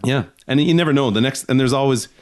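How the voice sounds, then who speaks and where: A man's voice: medium pitch, quick pace, a little mellow. A man hosting a casual comedy podcast, rambling with restarts and frequent laughter. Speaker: podcast host.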